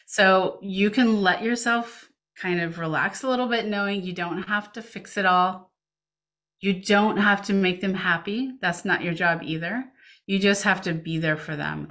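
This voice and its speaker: Woman, webinar presenter, slightly low pitch, reassuring coaching tone, video-call mic. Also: fairly bright tone. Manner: reads chat questions aloud. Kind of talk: parenting webinar talk. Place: home setup, remote webinar. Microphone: computer mic on video call.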